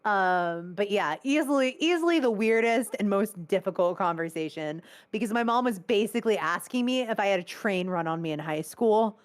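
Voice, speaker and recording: A young adult woman, a guest on a video call interview, telling stories in a blunt, animated way and swearing freely. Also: mid-range voice, normal speed, hardly any pauses. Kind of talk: casual storytelling.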